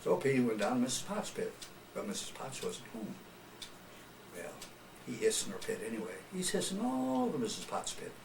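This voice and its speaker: A man's voice: mid-range voice, huge pitch swings, fairly quick, vocal fry. An older man, a retired radio personality, telling folksy stories in an oral history interview. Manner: folksy storyteller, chuckles often. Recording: roomy, distant mic with background noise.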